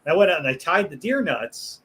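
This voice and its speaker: A man, a butcher guest on a casual podcast, telling animated, profane workplace stories and laughing along with them. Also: fairly high pitch, a little fast, rough recording. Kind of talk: casual storytelling chat.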